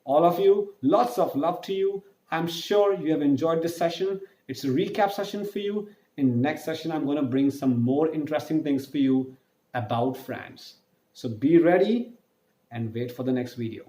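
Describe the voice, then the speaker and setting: A man's voice: a little high, animated, moderate pace, mellow. A man teaching a French lesson online, explaining patiently and spelling out letters. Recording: echoey room.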